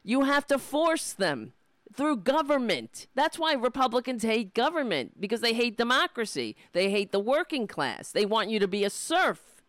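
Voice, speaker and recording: A woman's voice: on the high side, sing-song, moderate pace, a bit bright, dry recording, studio quality. A woman ranting to camera, indignant and rambling, with frequent restarts and swearing. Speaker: political vlogger. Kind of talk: casual ranting monologue to camera. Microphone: camera mic.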